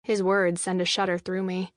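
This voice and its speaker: A young adult woman narrating a first-person audiobook in a measured, expressive way, with an anxious inner tone. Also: on the low side, no echo. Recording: dry studio voice-over.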